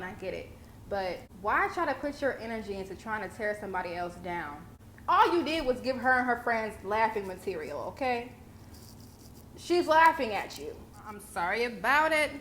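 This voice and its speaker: A woman's voice: on the high side, very animated, moderate pace, a bit bright. A young woman. She is sassy, blunt and freely profane. A faint hiss of noise sits under the recording. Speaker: vlogger commentator. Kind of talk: casual commentary.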